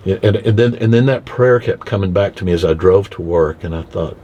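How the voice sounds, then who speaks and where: A veterinarian telling a heartfelt personal story from inside his car, halting and restarting as he speaks. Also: low voice, dark tone, muffled recording. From Texas. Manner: halting, with many restarts and repeated words. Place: inside a car, window open.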